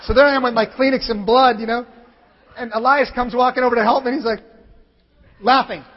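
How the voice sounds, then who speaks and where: A pastor preaching a sermon, telling a story in an animated way and acting out other people's lines, sometimes building up to shouts. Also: male voice, very high voice, a little fast, slight background noise. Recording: long hall reverb, dull lo-fi sound.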